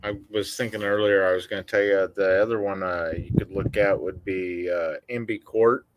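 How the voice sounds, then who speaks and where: A man's voice: sits low, fairly even intonation, moderate pace, background noise. A man joining a casual live-stream chat as a guest, laid-back and matter-of-fact about technical details.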